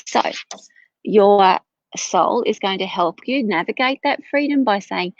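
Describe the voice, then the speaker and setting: A woman's voice: mid-range voice, unhurried, dry recording. Woman tarot reader on a live stream, tired and talkative, mid-range voice, muffled and dry audio. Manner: chatty, rambling, self-correcting.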